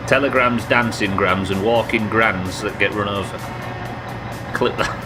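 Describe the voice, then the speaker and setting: A man's voice: lowish voice, sing-song, takes it slowly, long pauses, rough recording. A man streaming a game live, chatting, joking and reading out viewer comments. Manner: chatty, reads chat aloud, jokey. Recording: game music behind.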